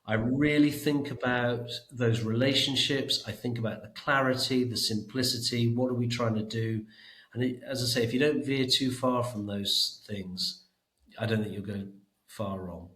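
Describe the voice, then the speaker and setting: Middle-aged guy on a podcast, bright forceful tone, roomy sound, stumbles over repeats. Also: mid-range voice, fairly even intonation, normal speed. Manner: emphatic, repeats words when thinking. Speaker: education trust chief executive, guest. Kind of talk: podcast interview.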